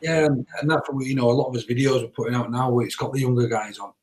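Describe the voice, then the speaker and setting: Man, podcast host, quick talker, mid-pitched voice, emphatic and persuasive. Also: fairly even intonation, darkish tone, a little hiss or hum, poor audio. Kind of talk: conversational podcast talk.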